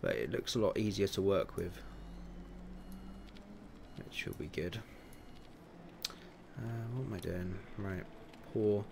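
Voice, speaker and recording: A man's voice: low voice, sing-song, slow pace, vocal fry, pauses often, noisy background. A man in his twenties streaming a racing management game, chatting casually and muttering to himself as he adjusts car setups. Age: 20s. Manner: chatty, muttering to himself while tweaking settings, chuckling asides. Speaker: livestream gamer. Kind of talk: casual livestream commentary.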